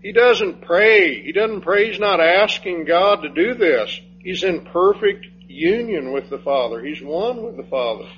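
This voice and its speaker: A man preaching an expository sermon, slow and emphatic, rising on key phrases and dropping low when he reads scripture. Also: lively intonation. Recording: dull lo-fi sound with faint hum.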